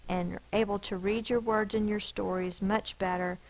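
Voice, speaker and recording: A woman's voice: mid-range voice, fairly even intonation, moderate pace, poor audio. A woman teacher giving a spelling lesson to children, sounding out letters and syllables one by one.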